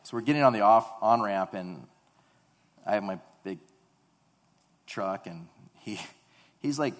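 A man's voice: on the low side, measured pace, long pauses. A man in his thirties preaching a sermon, telling family stories in a conversational, emphatic way. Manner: conversational storytelling, animated and emphatic. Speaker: pastor. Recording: long echo of a large hall.

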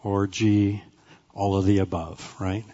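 A man teaching a Bible class in a conversational way, often checking in with "right?" and "okay?" and pausing with "uh" between phrases. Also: fairly low pitch, little pitch movement, dark tone, muffled recording.

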